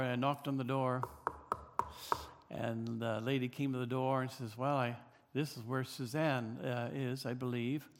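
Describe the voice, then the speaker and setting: An older man from British Columbia, Canada, telling a personal story in a halting way with many fillers and restarts. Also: medium pitch, big-room sound.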